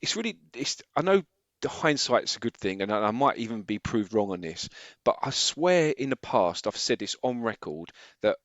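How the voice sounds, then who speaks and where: A man's voice: mid-range voice, big pitch swings, no room sound. Eager man with a dull, dry mic. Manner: enthusiastic, halting restarts, often laughing. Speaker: podcast co-host. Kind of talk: casual football chat.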